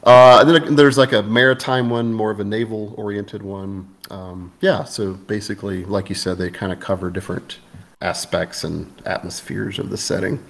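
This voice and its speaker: A man's voice: fairly low pitch, fairly even intonation, normal speed, gravelly, a bit bright. A man talking casually as an interview guest about his game adventures, rambling with fillers and restarts.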